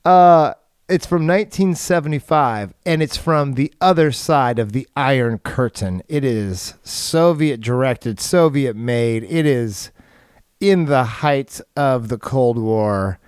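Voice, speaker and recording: A man's voice: mid-range voice, slow, a little mellow, clean tone, dry recording, studio quality. A man co-hosting a film podcast, rambling casually with lots of fillers and chuckles. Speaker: podcast co-host. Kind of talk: casual chat.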